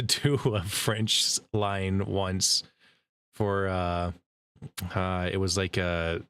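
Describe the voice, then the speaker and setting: A man hosting a casual interview chat, chatty and quick to laugh, speeding up as he tells stories. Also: sits low, fairly bright tone, clear, resonant tone. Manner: chatty, laughs easily, speeds up when storytelling. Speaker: podcast host and voice actor.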